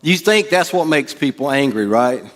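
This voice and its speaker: A pastor gives a sermon in church, keeping it conversational with jokes and acted-out quotes. He speaks at a moderate pace in an animated, medium-pitched voice.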